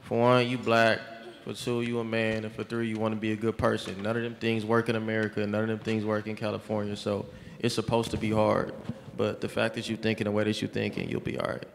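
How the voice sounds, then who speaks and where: Gravelly, flat-voiced man, laid-back slang. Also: fairly low pitch, fast talker, slight background noise. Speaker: guest artist. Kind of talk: casual advice on stage. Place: large school hall. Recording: echoey hall reverb.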